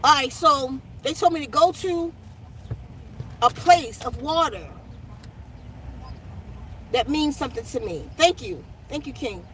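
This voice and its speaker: High-voiced woman teaching from a noisy car. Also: expressive, a little slow, long pauses, a bit bright. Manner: emphatic, repeats instructions to viewers; addresses audience as y'all. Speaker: spiritual channel host. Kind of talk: casual spiritual teaching while driving. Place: inside a moving car with the window down. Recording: noisy car interior with road noise.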